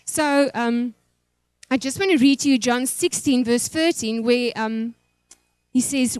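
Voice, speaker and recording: A woman's voice: fairly high pitch, a little slow, darkish tone, clear, resonant tone, no echo. A woman, a pastor's wife, telling an emotional, rambling church testimony. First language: Afrikaans.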